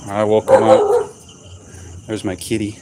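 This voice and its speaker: Slow-talking man vlogging outdoors at night. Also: lowish voice, huge pitch swings, very noisy. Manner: slow, rambling, self-mocking sarcastic talk. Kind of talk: casual night-time vlog. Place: outdoors at night in a rural yard.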